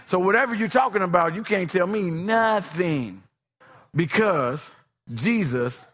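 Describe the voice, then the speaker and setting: A man preaching with a high, lively voice that leaps up and down in pitch. His tone is bright and forceful, and he moves between quiet asides and shouted calls to the congregation. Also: unhurried, long reverb tail. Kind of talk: sermon.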